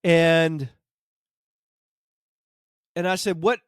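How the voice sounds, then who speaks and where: A man's voice: a little high, unhurried, no echo, clean studio sound. A man who trains dogs, hosting a podcast and telling a casual story, acting out what people said. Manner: animated anecdote, acts out quotes. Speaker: dog trainer, podcast host.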